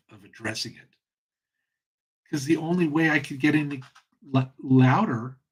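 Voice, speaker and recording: This man talks with a husky, slightly rough voice at a middling pitch. He speaks earnestly and with passion, pausing and restarting as he reflects on his own experience. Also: poor audio. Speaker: host. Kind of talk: reflective solo talk.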